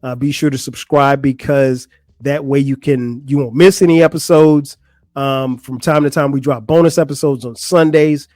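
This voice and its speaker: A young adult man hosting his own podcast, telling a story in a casual, animated way, full of slang and restarts. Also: mid-range voice, normal speed, dry recording, clean studio sound. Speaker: podcast host.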